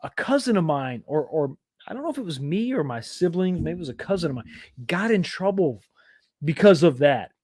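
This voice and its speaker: A middle-aged man chats loosely through viewer comments, wandering off into childhood stories and poking fun at himself. His voice sits a touch high for a man. It is recorded close and dry, with no room sound. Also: big pitch swings, brisk, darkish tone, no echo. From East Texas, USA. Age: 40s or 50s. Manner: rambling, self-deprecating, chuckling asides. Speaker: live stream host. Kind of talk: casual live chat reading comments.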